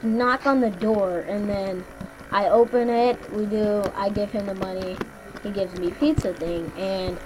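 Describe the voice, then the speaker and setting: A woman's voice: mid-range voice, darkish tone, a little hiss or hum, poor audio. Chatty young woman co-hosting a gaming video. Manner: chatty, swears casually, storytelling with lots of "like" and "basically". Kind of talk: casual gameplay chat.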